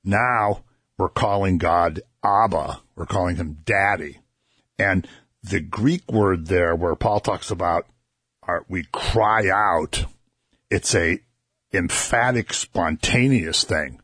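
This host of a Christian radio program talks slowly in a low, husky, slightly bright voice, earnestly unpacking a Bible passage for his co-host and audience. The conversational teaching builds in emphasis, and the studio-quality recording has no room sound.

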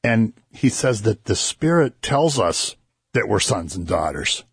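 A man's voice: fairly low pitch, big pitch swings, unhurried, creaky, slightly rough, no room sound, studio quality. A man hosting a Christian radio show, earnestly explaining a Bible passage to listeners and his co-host. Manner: earnest, explanatory, builds emphasis. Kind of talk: conversational Bible teaching.

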